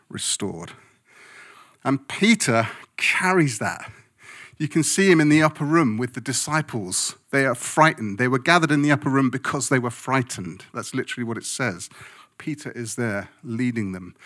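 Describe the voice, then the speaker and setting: A man's voice: medium pitch, fairly bright tone. A man preaching a sermon as a pastor, speaking emphatically and conversationally, often checking in with his listeners.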